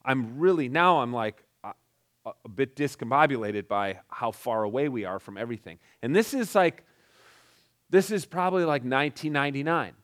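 A man's voice: mid-range voice, fairly bright tone. Middle-aged man, mid-range voice, casual storyteller who stumbles and restarts as he goes. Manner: halting, many restarts and "like" fillers.

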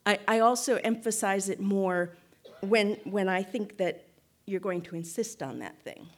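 A woman giving a reflective spoken teaching to a group, measured and thoughtful, often checking in with "right?" and restarting phrases. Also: medium pitch. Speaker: guest speaker.

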